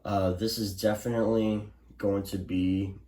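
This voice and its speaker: Low-voiced young man rambling in an echoey room. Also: little pitch movement, measured pace, mellow. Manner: rambling, many restarts and fillers. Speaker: weather alert vlogger. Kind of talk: casual recap to camera. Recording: roomy echo.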